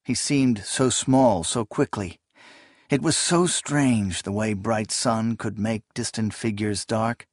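Male narrator, audiobook, measured, slow, husky, dry close mic. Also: on the low side, no room sound. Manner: measured, even storytelling.

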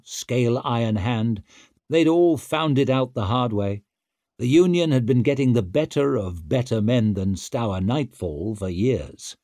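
A man narrating an audiobook in a steady, measured storytelling voice. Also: mid-range voice, no echo, studio quality.

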